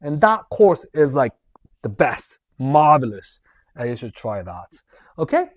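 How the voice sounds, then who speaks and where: A man's voice: medium pitch, big pitch swings, a little slow. Chatty man hosting a livestream Q&A. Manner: chatty, rambling, reads viewer questions aloud and laughs. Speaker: livestream host answering viewer questions. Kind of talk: casual livestream Q&A.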